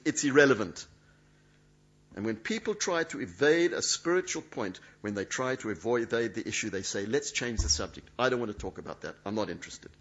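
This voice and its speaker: Male preacher, dramatic sermon delivery, lively pitch. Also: slightly rough. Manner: emphatic, dramatic, acts out quoted speech. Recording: dull lo-fi sound.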